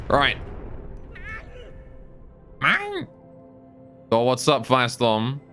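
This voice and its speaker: A man's voice: medium pitch, fairly bright tone. A man live-streaming a game, thinking aloud about his build and answering his chat.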